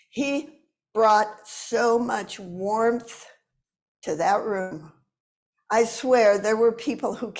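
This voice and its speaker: Woman, 70s, unhurried storyteller, slightly high voice. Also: vocal fry. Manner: slow, deliberate, expressive. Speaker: movement teacher. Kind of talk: personal storytelling talk.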